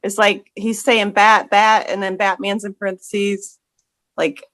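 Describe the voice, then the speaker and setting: A woman's voice: mid-range voice, little pitch movement, measured pace, fairly bright tone, dry recording. A woman in a casual album discussion, asking curious questions. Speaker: podcast guest.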